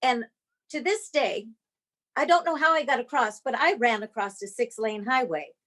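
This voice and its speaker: A woman's voice: a little high, normal speed. A woman performing a dramatic personal story over a video call. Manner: dramatic, expressive delivery.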